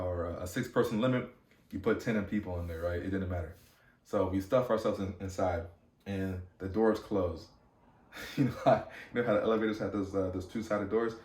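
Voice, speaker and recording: A young man with a low voice tells a story casually, full of slang, fillers and quick restarts. He sounds a little off-mic in an echoey room. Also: a little mellow, recorded from a distance. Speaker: podcast host.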